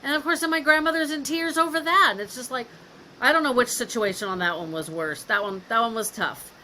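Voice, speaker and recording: A woman's voice: a little high, a little fast, sharp tone, slight background noise, poor audio. A woman guest on a caregiving podcast, telling stories in a frank, lightly laughing way. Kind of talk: candid conversational interview.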